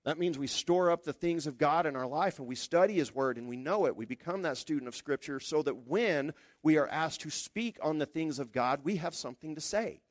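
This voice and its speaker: Guy preaching, kinda high voice, dry mic, acts out the quotes. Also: brisk, few pauses, dry recording. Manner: conversational, lively, acts out quotes. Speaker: pastor. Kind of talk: sermon.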